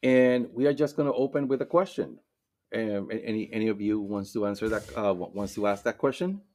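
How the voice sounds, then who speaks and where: A man hosting a spirit board session, speaking slowly and deliberately with frequent fillers. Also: on the low side, a little mellow. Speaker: session host.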